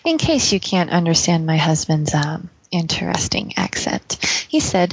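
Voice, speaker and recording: A woman's voice: lowish voice, big pitch swings, moderate pace, breathy edge, dry recording, lo-fi sound. A woman translating for her husband in a recorded listener message, dry and teasing. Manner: dry, teasing, mock-scolding. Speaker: listener translating in audio submission.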